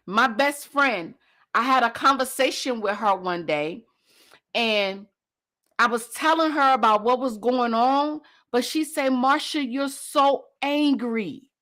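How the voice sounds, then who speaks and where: A woman's voice: on the high side, lively intonation, a little slow, bright, forceful tone. A woman host and coach giving a passionate motivational talk, driving points home by repeating phrases.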